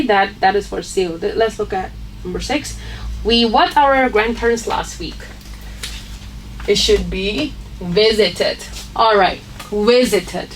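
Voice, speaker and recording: Slow, patient woman teaching phonics. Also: medium pitch, far from the mic, a little hiss or hum, poor audio. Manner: patient, repeats points with frequent "okay?" checks. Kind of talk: online grammar lesson.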